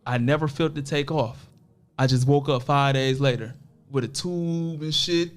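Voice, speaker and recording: A man's voice: a little high, normal speed, smooth. A man from Toledo, Ohio, a podcast guest, telling a story in casual, profane street slang and acting out other people's lines. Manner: animated, acts out other people's voices in quotes.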